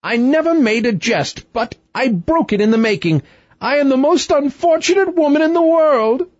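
A man voicing a tearful, quick-tempered queen in a storybook reading, in a high wailing voice. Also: expressive, dry recording, lo-fi sound. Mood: indignant. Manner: high wailing sobbing delivery.

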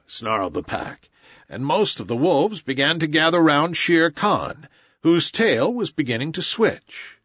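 A man reading a story aloud in a measured, expressive way, in a slightly dull recording. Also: a little high, husky, no echo. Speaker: audiobook narrator. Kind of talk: storybook narration.

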